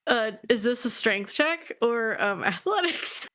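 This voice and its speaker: Slow-talking woman player, giggly. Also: a little high, animated, fairly bright tone. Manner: hesitant, giggly. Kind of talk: tabletop game play.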